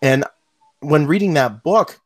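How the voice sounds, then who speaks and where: A man's voice: fairly high pitch, lively intonation, unhurried, breathy edge, no room sound, studio quality. Enthusiastic male podcast host. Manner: enthusiastic, affirming, run-on sentences. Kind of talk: casual conversational interview.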